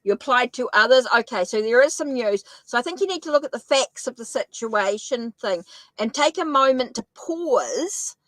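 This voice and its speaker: A woman's voice: on the high side, lively intonation, normal speed, a bit bright, dry recording, rough recording. New Zealand woman reading tarot cards. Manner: thinking aloud, self-correcting and reassuring. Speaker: tarot reader. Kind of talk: live-stream tarot reading.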